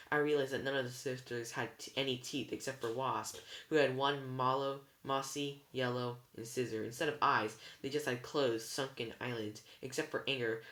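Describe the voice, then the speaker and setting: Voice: mid-range voice, bright, forceful tone, roomy sound. A reader narrating a storybook chapter aloud in the first person, with a few small slips and restarts.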